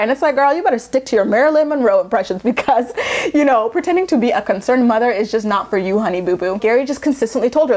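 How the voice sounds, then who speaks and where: A young woman vlogger recaps in a casual, chatty way, sassy and full of opinions. Her voice sits fairly high, and her tone stays quick to judge and playful. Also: darkish tone.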